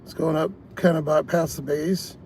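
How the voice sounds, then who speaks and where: Gravelly man ranting in a car. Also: fairly high pitch, fairly even intonation, normal speed, a little mellow. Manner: frustrated, swearing, ranting. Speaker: food delivery driver. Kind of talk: live-stream venting while driving. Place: inside a parked car. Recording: car ambience noise.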